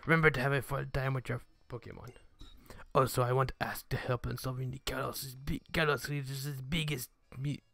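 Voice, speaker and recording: A man's voice: mid-range voice, level tone, brisk, gravelly, a bit bright, no echo. A man voicing a male Pokemon professor's speech from a game, reading it in an offhand, jokey way. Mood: mock-solemn. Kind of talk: reading game dialogue aloud in a let's-play.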